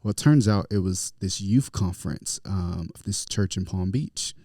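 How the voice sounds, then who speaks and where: A male pastor from Florida in casual podcast chat, telling a story in a relaxed way with lots of fillers. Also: low-pitched, normal speed, no room sound, studio quality.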